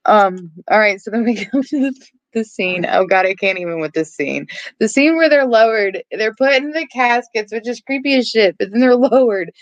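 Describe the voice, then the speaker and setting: A woman's voice: a little high, lively intonation, moderate pace, no echo, dull audio. A woman co-hosting a casual movie discussion podcast from home, talking in a loose, chatty way with frequent swearing and laughter. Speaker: podcast co-host.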